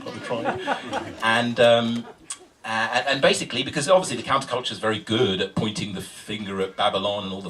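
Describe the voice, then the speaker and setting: A man's voice: lowish voice, fairly bright tone, recorded from a distance. A man, a spoken word poet, chatting casually and self-mockingly to a live audience before his poem, with plenty of ums and uhs.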